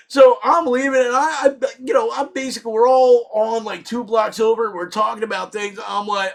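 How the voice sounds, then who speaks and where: A middle-aged man telling a comedic story with lots of swearing, shouting out his punchlines. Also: very high-pitched, steady tone, normal speed.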